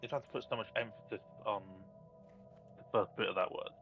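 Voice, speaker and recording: A man's voice: lowish voice, a little fast, highs cut off, soft background music. A British man chatting and teasing friends during an online strategy game. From Britain. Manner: teasing, jokey. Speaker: friend in a group game stream. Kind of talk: casual chat with friends.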